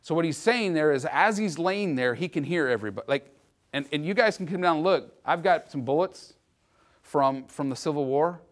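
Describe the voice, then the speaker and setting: A man's voice: on the high side, expressive, moderate pace. A man giving an informal history lecture to a live audience, explaining events in a chatty way and often checking in with his listeners. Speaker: history presenter.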